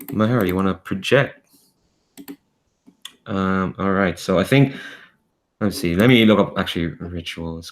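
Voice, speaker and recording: Halting low-voiced man narrating a game. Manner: rambling, halting narration full of fillers and restarts. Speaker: game master.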